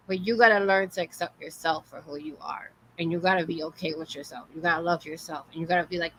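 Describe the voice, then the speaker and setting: A woman's voice: lowish voice, fairly even intonation, fast, slight background noise. A woman hosting a casual interview, upbeat and encouraging, with plenty of slang. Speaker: interview host. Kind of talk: casual chat.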